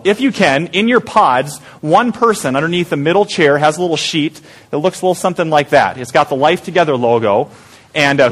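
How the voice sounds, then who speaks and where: Conversational pastor, slightly high voice. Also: male voice, a bit bright. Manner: conversational, asks the room questions. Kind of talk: sermon.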